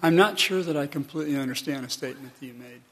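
Man, audience member, hesitant question, mid-pitched voice. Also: fast, a crowd in the background.

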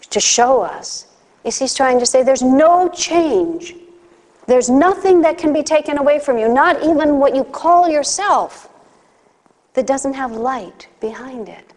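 A woman with a fairly high voice gives a spiritual talk, moving easily between teaching and personal stories. Her delivery is conversational, with playful acted asides. The sound carries a long reverb, as if recorded in a large hall. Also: darkish tone.

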